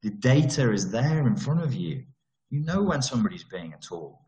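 A man's voice: medium pitch, sing-song, moderate pace, warm tone. Blunt, sweary man ranting. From Merseyside, England. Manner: sweary, blunt, sarcastic, drops into mocking voices. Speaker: vlogger. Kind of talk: ranting monologue. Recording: roomy echo.

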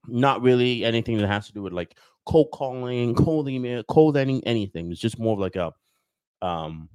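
A man hosting a casual podcast, rambling and repeating himself with lots of fillers, upbeat like a sales pitch. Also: animated, moderate pace, darkish tone, clear, resonant tone, no room sound. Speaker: podcast host.

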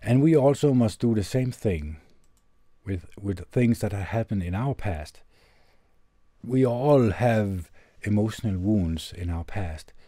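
A man hosting a podcast, reading a heartfelt letter aloud and then reflecting on it in an earnest, measured, gentle way, into a tube condenser studio mic. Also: fairly low pitch, expressive, no echo. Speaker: podcast host.

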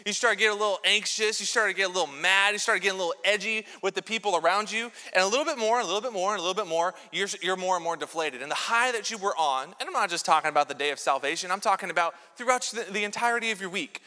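A man preaching a sermon as pastor in a church, telling lively jokey stories with props. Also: high voice, racing, few pauses. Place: large church sanctuary. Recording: long church hall reverb.

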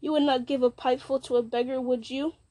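A woman's voice: sits high, level tone, quick pace, warm tone, natural voice. A woman reading the lines of a bitter, scornful old male wizard, with a sneering, mocking manner.

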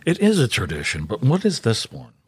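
A man's voice: medium pitch, wildly swooping pitch, a little fast, slightly rough, dry recording, clean studio sound. A man co-hosting a podcast in casual chat, jokey and playful. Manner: jokey, playful, reads quotes with exaggerated emphasis. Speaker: podcast co-host. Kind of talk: casual chat, reading movie quotes.

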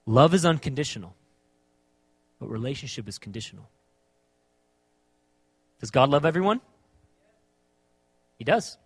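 A man preaching a sermon as pastor, asking the congregation rhetorical questions and swinging between quiet and emphatic delivery. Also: medium pitch, very animated, a little slow, pauses often, husky, dry recording.

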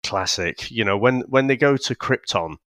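A man with a medium-pitched, slightly bright voice co-hosts a film review podcast, chatting casually at a normal speed with lively intonation. He swears, laughs often and restarts his sentences, and the clean studio sound has no room echo.

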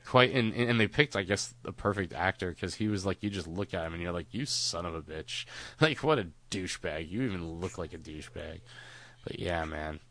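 Bright-voiced rambling male podcast host. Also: low-pitched, lively intonation, brisk. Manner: rambling, chatty, swears casually and laughs often. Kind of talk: casual podcast chat.

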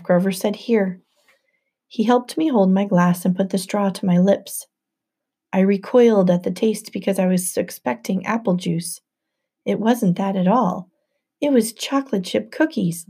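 Woman audiobook narrator, warm mellow tone, even first-person storytelling. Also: mid-range voice, vocal fry, husky.

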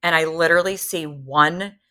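A woman's voice: deep voice, moderate pace. A woman in her thirties, a podcast guest, telling a personal story candidly and acting out what others said. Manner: candid, animated retelling that acts out what others said.

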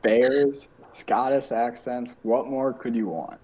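A man's voice: medium pitch, slow, mellow, breathy edge. A young man co-hosting a casual podcast, chatting in dry, easygoing banter. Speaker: podcast co-host.

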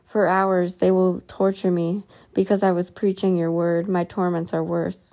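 A woman's voice: on the low side, flat delivery, normal speed, dark tone, lightly acted. A woman reading the lines of a bitter, self-righteous damned woman who pleads for release. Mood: pleading.

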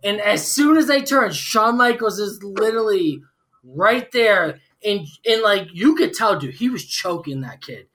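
Tipsy guy in his 40s telling a wild story, swears a lot, voice bouncing all over, bright and sharp. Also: high voice, measured pace. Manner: profane, animated storytelling with lots of fillers. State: tipsy from drinking. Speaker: podcast guest. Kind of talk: casual storytelling.

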